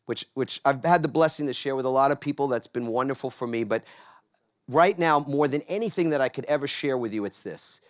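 A man's voice: mid-range voice, fairly quick. A middle-aged man from New York giving a motivational conference talk on a large stage, drawing the audience in with call-and-response questions. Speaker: keynote speaker.

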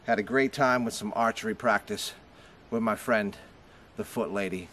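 A man's voice: lowish voice, moderate pace, a bit bright, slight background noise. Joking Boston man vlogging outdoors. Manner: chatty, joking, addresses viewers as folks. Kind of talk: casual vlog to camera. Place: outdoors at a campground and archery range.

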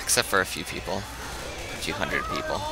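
A man's voice: sits low, normal speed, creaky, over music. A man chatting and laughing while playing a co-op game. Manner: giggly, chatty. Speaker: gamer playing co-op. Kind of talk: casual gaming chat.

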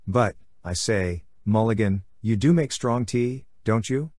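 A man reading an audiobook voices a quiet, polite young gentleman, with a dry studio sound. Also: lowish voice, unhurried, dry recording.

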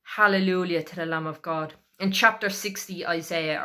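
A woman preaching a sermon, fervent and emphatic, with a repetitive cadence and slow, stressed scripture reading. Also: on the low side, pushed and bright. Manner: fervent, emphatic, declaring with rising intensity.

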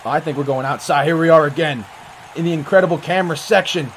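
A man giving excited, profane play-by-play commentary on a wrestling match, often breaking into yells. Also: on the high side, fast talker, a little hiss or hum.

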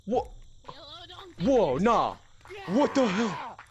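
Rowdy high-voiced guy trash-talking. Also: big pitch swings, drawn-out words, a little hiss or hum. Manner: rowdy, trash-talking, yelling at other players. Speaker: gamer. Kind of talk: VR gameplay commentary. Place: small room at home.

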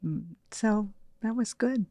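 A gravelly-voiced woman in her sixties tells personal stories in a soft, reflective way. She often drops almost to a whisper and laughs lightly. The recording is dry and close. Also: on the high side, slow, no room sound. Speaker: interview guest, meditation practitioner.

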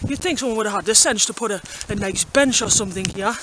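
Rambling on foot through a rural valley, a fast-talking man with a high voice makes dry jokes to the camera in his walking vlog. Loud wind and outdoor noise fill the recording.

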